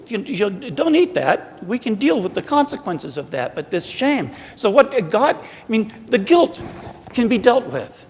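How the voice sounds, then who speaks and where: A man with a Southern American accent preaches to a church retreat in a casual, joking manner that often pokes fun at himself. His voice sits somewhat high. Long reverb from the church hall trails behind each phrase. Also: breathy edge. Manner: humorous, self-deprecating preaching. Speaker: priest giving a retreat talk. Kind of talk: conversational sermon.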